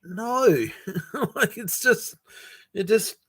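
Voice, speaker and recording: Slow-talking man, frank and rambling. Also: sits high, expressive, fairly bright tone, slightly rough. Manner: frank and rambling, swears, sighs and laughs often. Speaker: crypto project founder streaming to his community. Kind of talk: casual livestream chat, reading viewer comments.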